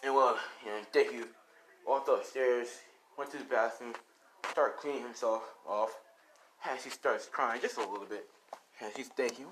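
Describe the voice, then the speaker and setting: A man's voice: medium pitch, fairly even intonation, normal speed, pauses often, fairly bright tone. A young man casually narrating an improvised fan story, rambling, swearing and full of fillers. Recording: noisy home recording.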